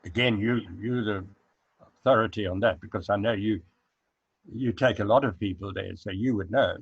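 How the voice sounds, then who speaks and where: An older man from South Africa talks in a low voice, casual and unhurried, drifting into memories with plenty of pauses and fillers. The sound is dry and close, but dull and lo-fi. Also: gravelly, slightly rough, dry recording. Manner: unhurried, reminiscing, hesitant with fillers. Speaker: guest. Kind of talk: casual interview chat. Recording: dull lo-fi recording.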